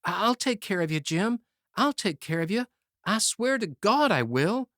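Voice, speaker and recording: A man's voice: sits high, sing-song, normal speed, fairly bright tone, no room sound, clean studio sound, voice pushed up. A man voicing a panicked young Union private who cries out and stammers in horror. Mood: pleading.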